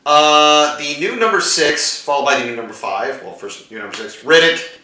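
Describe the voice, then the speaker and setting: A man co-hosting a casual movie review chat, joking loudly. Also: a little high, moderate pace, heavy reverb, recorded from a distance, rough recording. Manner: joking, loud, lively. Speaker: co-host.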